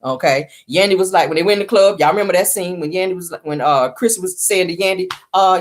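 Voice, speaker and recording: A woman's voice: lowish voice, fast, hardly any pauses, a little hiss or hum. A woman hosting casual celebrity gossip commentary, sassy and opinionated, often calling viewers honey.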